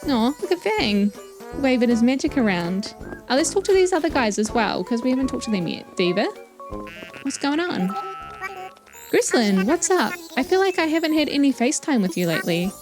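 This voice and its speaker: A woman's voice: high voice, sing-song, moderate pace. A woman with a New Zealand accent giving chatty, playful commentary while playing a video game. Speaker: let's play host. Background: game music.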